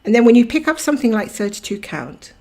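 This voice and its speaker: A woman's voice: on the high side, very animated, fast talker, a little mellow. A woman hosting a cross-stitch livestream, chatting casually and rambling while she greets viewers by name and laughs often.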